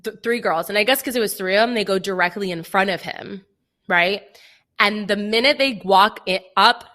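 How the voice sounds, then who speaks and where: A young woman with a bright, forceful voice tells a story on a casual podcast. She acts out what everyone said and fills her talk with "like." The delivery is animated and chatty. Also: mid-range voice, normal speed. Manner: animated storytelling, acting out quoted dialogue, frequent "like". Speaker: podcast co-host. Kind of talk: casual chat.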